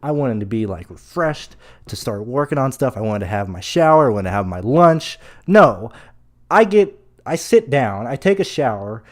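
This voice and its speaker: A young man from the United States rambles through a frustrated story on his live show, cursing freely and piling on exasperated asides. His voice sits at an ordinary middle pitch for a man. He keeps it loose and conversational as he talks to his viewers. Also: big pitch swings, moderate pace.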